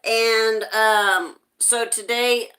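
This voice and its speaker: A woman hosting a live stream, reading viewers' chat messages aloud at an unhurried pace. Her voice is bright and forward, and she greets each newcomer by name. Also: a little high, fairly even intonation, a little hiss or hum.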